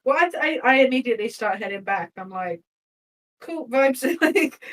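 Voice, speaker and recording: A woman's voice: fairly high pitch, animated, brisk, a bit bright, far from the mic, poor audio. A woman playing a tabletop game, chatty and laughing, swearing now and then as she talks through her character's actions. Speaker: player.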